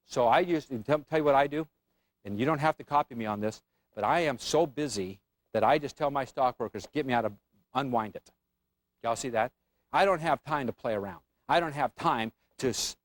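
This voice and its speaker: A man's voice: medium pitch, dry recording. A man teaching an options trading class, quizzing the room with frequent questions. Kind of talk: classroom lecture.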